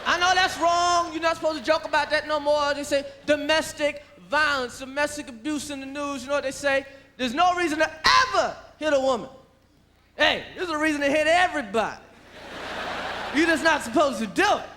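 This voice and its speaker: A man's voice: extremely high pitch, fairly quick, pushed and bright. A man doing stand-up comedy on a theater stage, brash, profane and emphatic. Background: audience laughter.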